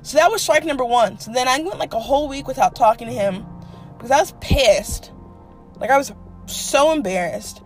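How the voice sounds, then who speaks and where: Animated, foul-mouthed young woman storyteller. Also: high voice, normal speed, faint music behind. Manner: animated, profane, dramatic with quoted asides. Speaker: podcast host. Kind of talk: casual storytelling monologue.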